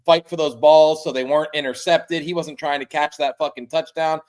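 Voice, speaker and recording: A man's voice: fairly high pitch, steady tone, brisk, a little mellow. Rambling man in casual sports chat. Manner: rambling, filler-heavy, profane. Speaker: podcast co-host.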